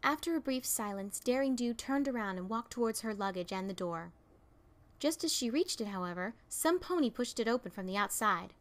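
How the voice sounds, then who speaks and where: A woman's voice: a little high, animated, fairly quick. A woman narrating a fan fiction audiobook, reading expressively and voicing its characters.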